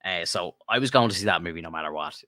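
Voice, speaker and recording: A man co-hosting a podcast, chatting casually and excitedly, swearing and rambling like a fan. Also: sits low, quick pace, no room sound, studio quality. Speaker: podcast co-host. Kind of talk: casual chat.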